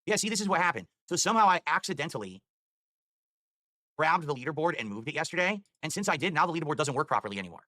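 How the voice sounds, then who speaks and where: A man's voice: on the high side, very animated, fast talker, pushed and bright, dry recording. A man streaming live, rambling in an exasperated way and swearing as he talks. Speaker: livestreamer.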